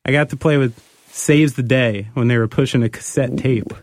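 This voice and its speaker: A man from New Jersey hosting a podcast in casual, excitable chat, loose and full of fillers. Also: medium pitch, moderate pace, no room sound. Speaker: podcast host.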